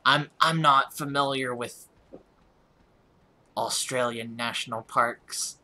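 With a rural American accent, this man from the United States chats casually with his audience while gaming, self-deprecating and prone to restarting his words. His voice is medium-pitched, steady, pushed and bright, and he talks slowly.

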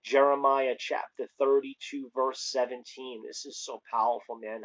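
A man preaching on a lo-fi recording that sounds dull and muffled. His voice sits at an ordinary pitch and stays fairly flat, and he moves between casual joking asides and fervent calls of praise. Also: moderate pace, few pauses. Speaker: online preacher. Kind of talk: casual preaching with scripture reading.

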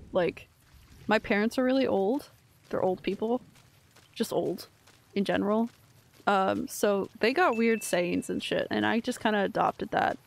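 A young woman with a gravelly, fry-edged voice chats her way through a game stream. She rambles loosely, swears casually and laughs at her own mistakes. Her pitch sits in an ordinary middle range. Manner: chatty, rambling, swears casually, self-mocking. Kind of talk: casual gameplay commentary.

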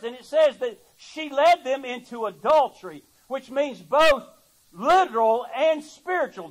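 Preacher, very high voice, emphatic, folksy asides. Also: male voice, a bit bright, rough recording. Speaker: pastor. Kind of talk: sermon.

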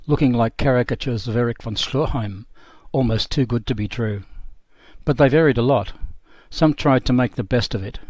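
A man's voice: mid-range voice, darkish tone, no room sound. Sober male documentary narrator. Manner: measured, sober first-person reading. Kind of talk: scripted narration of a memoir.

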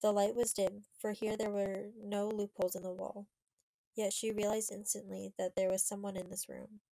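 A woman reading a children's historical novel aloud in a measured, steady way. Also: mid-range voice, creaky, dry recording, poor audio. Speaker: audiobook reader. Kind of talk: storybook narration.

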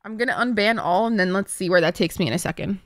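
Flustered and cursing frequently, a woman streamer chats casually with her viewers during a live stream, talking straight to chat. She has a mid-range voice and speaks fast, and the audio is clean studio sound with no room sound.

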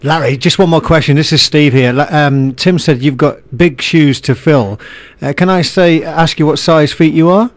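A man's voice: a little high, moderate pace, dry recording. A man co-hosting a live radio show, casual and jokey. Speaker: radio co-host.

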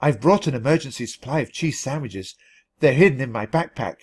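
Man voicing a chubby, friendly male mouse salesman, gentle and kind, close to the reader's own voice. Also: mid-range voice, lively intonation, a little fast, slightly rough.

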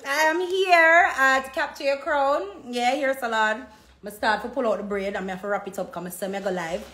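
A woman's voice: a little high, moderate pace. A woman with a Jamaican accent chatting casually on a phone livestream from a hair salon. She tells stories in patois and acts out the voices of the people she quotes. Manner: animated storytelling in patois, acting out quoted voices. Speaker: social media personality. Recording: echoey room with faint background noise.

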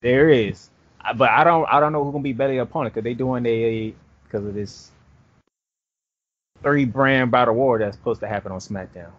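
A man hosting a podcast, talking in a lively, animated way and plugging his shows. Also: mid-range voice, normal speed, muffled recording. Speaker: podcast host. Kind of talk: casual podcast chat.

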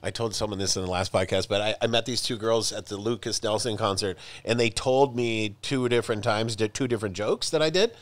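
A man's voice: on the low side, brisk, hardly any pauses, dry recording. A middle-aged man hosting a podcast in casual chat, joking and running through stand-up bits. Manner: joking, telling stand-up bits with acted-out quotes. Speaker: podcast host.

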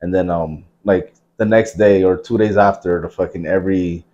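A man's voice: deep voice, fairly even intonation, normal speed, warm tone, dull audio. A man in his thirties from New Jersey, hosting a podcast and telling stories in casual, profanity-laced chat. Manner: profane, rambling storyteller. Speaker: podcast host.

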